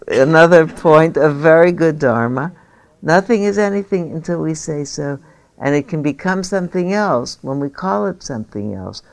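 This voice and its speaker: A woman leads a group dharma discussion as meditation teacher, speaking with a low, gravelly voice full of vocal fry. She talks in an encouraging, chatty way, drifting into asides. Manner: warm, encouraging, laughs easily, rambling asides.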